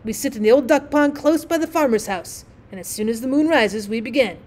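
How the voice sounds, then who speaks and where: A talkative, self-satisfied frog, gushing on without pause, as a woman voices it in a storybook reading. The voice sits fairly high and eager. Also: expressive, darkish tone, lightly acted.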